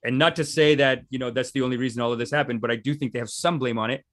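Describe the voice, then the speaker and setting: A man's voice: medium pitch, steady tone, racing, fairly bright tone, soft background music. A man hosting a livestream, giving casual, rambling commentary and laughing often. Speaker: livestream host.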